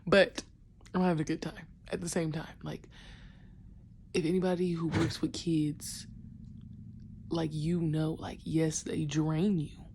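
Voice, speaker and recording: A woman's voice: deep voice, measured pace, pauses often, slight background noise. A young woman who coaches basketball, talking casually and with slang in a vlog, often half-whispering. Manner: animated, slangy, acts out kids' voices.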